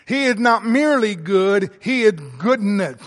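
A man's voice: high voice, lively intonation, a little slow, in a large hall. A male pastor preaching a sermon with emphatic, rising and falling delivery. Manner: emphatic preaching, swelling to loud emphasis then dropping soft.

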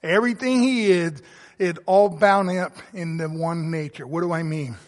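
A man's voice: high voice, big-room sound. A male pastor preaching a sermon with emphatic, rising and falling delivery. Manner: emphatic preaching, swelling to loud emphasis then dropping soft.

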